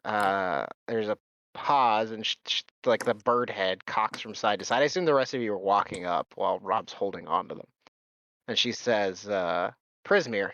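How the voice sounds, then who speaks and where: A man narrating as game master, talking haltingly with many fillers. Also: fairly low pitch, a bit bright, lo-fi sound.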